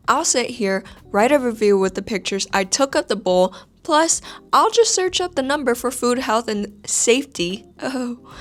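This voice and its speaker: Woman host, casual reaction reader, animated, quick to laugh and jump into high squeals, sarcastic and sweary. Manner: animated, laughs often, squeals in high bursts when excited; swears freely, sarcastic asides. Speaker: host reading and reacting to online posts. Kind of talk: casual reaction chat, reading posts aloud.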